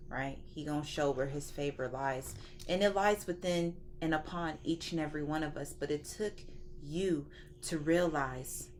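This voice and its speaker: A woman's voice: low voice, slight background noise. A woman giving a casual spiritual tarot reading in a preachy, slangy and profane manner. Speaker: tarot reader.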